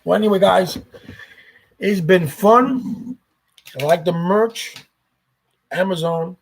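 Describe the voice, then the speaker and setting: A man rambling through a casual vlog, swearing often and doubling back on his words. His voice sits a little high for a man, with a gravelly fry and a raspy, husky edge. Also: slow pace. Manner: rambling, profane, repeats himself. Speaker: YouTuber.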